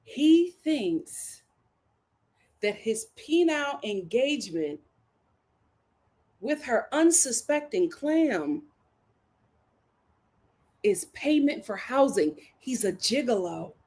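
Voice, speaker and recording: A woman hosts a reality TV recap as animated solo commentary, blunt and dramatic with sassy humor, acting out quotes in voices. Her high, darkish voice is sing-song and extremely slow, with long pauses.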